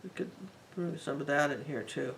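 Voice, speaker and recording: A woman's voice: deep voice, normal speed, gravelly, slight background noise, rough recording. Chatty woman teaching a painting class. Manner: chatty, rambling and warmly enthusiastic. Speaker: art teacher. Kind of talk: live painting tutorial.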